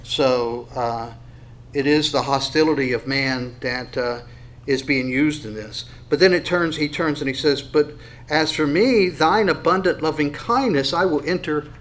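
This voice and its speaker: A man preaching a verse-by-verse sermon in a loose, conversational way, full of fillers, restarts and questions to the room. His voice sits a little high for a man. When he reads scripture aloud he slows down and lifts his voice. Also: fairly bright tone, rough recording. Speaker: pastor. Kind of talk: expository sermon.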